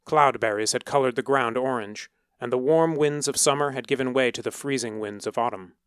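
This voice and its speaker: A male storyteller reading with a measured, dramatic delivery at a mid pitch. The recording is close and dry, with no room sound. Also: a bit bright, clean tone, dry recording. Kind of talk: scripted narration.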